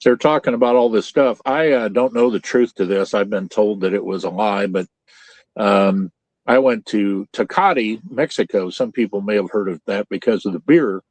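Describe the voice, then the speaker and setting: A man's voice: on the low side, normal speed, darkish tone, no room sound. An older man from central Illinois hosting a podcast over a video call, telling rambling folksy stories full of restarts. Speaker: podcast host. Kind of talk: casual chat. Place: home trailer. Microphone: Starlink video call.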